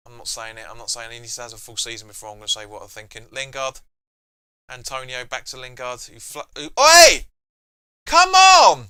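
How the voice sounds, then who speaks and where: A man's voice: medium pitch, little pitch movement, a little fast, pushed and bright, clear, resonant tone. A man hosting a live football watch-along, chatting casually and reading viewer comments aloud between reactions to the match. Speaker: fan channel host.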